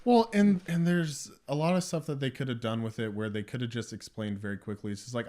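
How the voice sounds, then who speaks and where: A man's voice: medium pitch, fairly quick, few pauses. Laid-back young man chatting films. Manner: casual, slangy, trails off softly. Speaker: podcast co-host. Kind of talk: casual film review chat.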